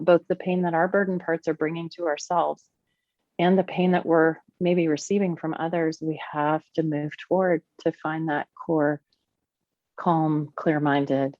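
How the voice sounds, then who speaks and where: A woman's voice: low-pitched, a little mellow, no room sound, lo-fi sound. A woman guest on a podcast, explaining her ideas earnestly, with occasional laughs. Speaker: podcast guest, therapist and teacher. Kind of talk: podcast conversation.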